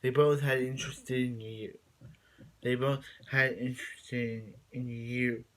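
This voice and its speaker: A man talking casually to his viewers as he recaps a television episode. He rambles, backs up and repeats himself as he goes, at a middle pitch for a man. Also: fairly even intonation, measured pace, fairly bright tone. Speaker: show reviewer.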